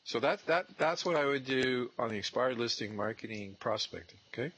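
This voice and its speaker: A man coaching a trainee one on one on real estate prospecting, animated and acting out sales scripts. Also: medium pitch, brisk, a little hiss or hum, rough recording.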